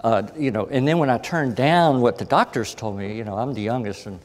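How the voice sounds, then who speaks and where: A man giving a storytelling lecture as a guest speaker, animated and acting out the voices of people he quotes. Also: medium pitch, fairly quick. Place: conference hall. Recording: long hall reverb.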